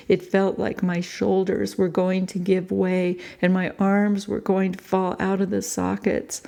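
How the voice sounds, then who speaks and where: A woman reading her own book aloud in a grave, measured first-person storytelling manner. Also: mid-range voice, vocal fry, warm tone. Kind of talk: audiobook narration.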